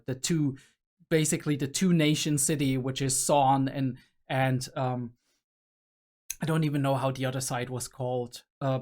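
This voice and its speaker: A young adult man hosting a reaction video, musing aloud in a casual, rambling way with many fillers and restarts. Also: mid-range voice.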